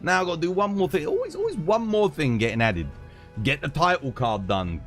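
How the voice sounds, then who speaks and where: A man's voice: fairly high pitch, very animated, brisk, a bit bright, faint music behind. A British man hosting his own live stream, chatting casually, laughing and swearing freely from his home streaming setup.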